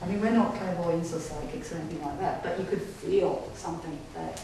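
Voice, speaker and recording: A woman's voice: fairly low pitch, a little fast, warm tone. A woman tells her ghost-hunting stories to a live audience in a chatty, engaging way. She is picked up from far off in a strongly reverberant room with a faint hiss underneath. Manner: chatty, checks in with listeners, laughs often. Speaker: paranormal investigator giving a public talk. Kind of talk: casual storytelling talk to an audience. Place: display day inside an old gaol. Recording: echoey room heard from afar, faint hiss.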